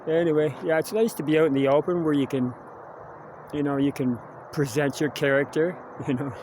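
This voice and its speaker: A chatty Canadian man with a slightly high voice rambles to his camera as he walks outside, adding "eh" to his sentences. A faint hiss of outdoor noise sits behind him. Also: fairly even intonation, brisk, a little mellow. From Kingston, Ontario, Canada. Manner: chatty, wandering, tags "eh" onto sentences. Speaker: vlogger. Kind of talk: rambling live vlog. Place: outdoors, walking near a quarry and cemetery.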